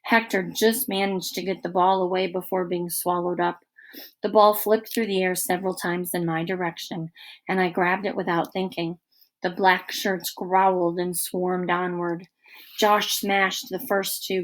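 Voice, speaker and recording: A woman narrating a children's book aloud in an expressive, lively storytelling manner. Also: on the low side, a little slow. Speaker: audiobook narrator.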